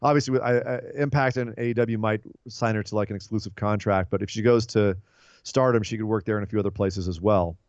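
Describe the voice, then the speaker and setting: A man's voice: lowish voice, fast, smooth, no room sound. Man, casual podcast co-host, rambling, joking, dry dull recording. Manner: rambling, jokey, animated. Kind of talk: casual wrestling podcast chat.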